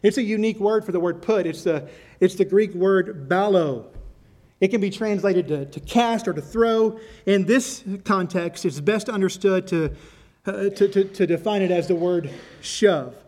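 A man's voice: sits high, normal speed, darkish tone. A male pastor preaching a sermon in a church, stressing and repeating key words as he speaks directly to the congregation.

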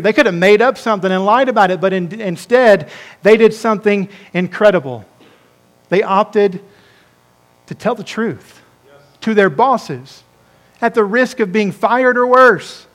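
High-voiced preacher with repeating emphasis. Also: male voice, measured pace. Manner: repeats words, builds emphasis with repetition. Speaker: pastor. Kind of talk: sermon.

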